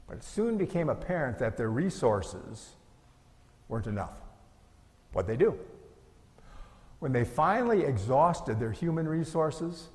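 A man's voice: medium pitch, long reverb tail. A middle-aged male pastor preaching a sermon in an earnest, conversational way, asking his listeners rhetorical questions.

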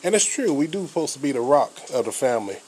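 A man's voice: mid-range voice, very animated, fast talker, darkish tone, slightly rough. Earnest man podcasting outdoors in rain. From United States. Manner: earnest, repetitive, many fillers and restarts. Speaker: podcast host. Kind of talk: casual spoken advice podcast.

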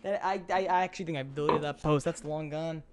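A young man hosting a podcast, telling stories in an animated, foul-mouthed way. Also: a little high, quick pace, a loud crowd. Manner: animated storytelling, swears a lot. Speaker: podcast host. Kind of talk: casual podcast chat.

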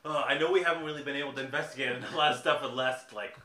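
A man's voice: medium pitch, fairly even intonation, very fast, sharp tone, reverberant, recorded from a distance, a little hiss or hum. A man playing a character in a tabletop game, talking in an upbeat, earnest way. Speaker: player.

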